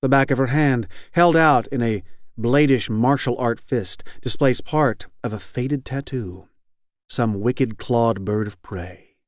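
A man reading literary fiction aloud as an audiobook narrator, measured and even. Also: medium pitch, no room sound, studio quality. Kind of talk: scripted narration.

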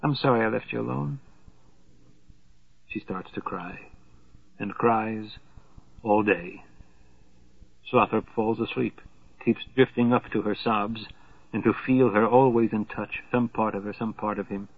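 A man narrating a literary novel as an audiobook in a measured voice that grows hushed in somber passages. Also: lowish voice, fairly even intonation, slightly rough, no room sound. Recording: tinny phone-like sound, dry.

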